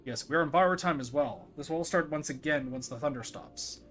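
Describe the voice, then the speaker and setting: A streamer voicing an earnest, polite young male craftsman, reading his lines in a lower, formal and measured way over faint game music. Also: fairly bright tone, lightly acted.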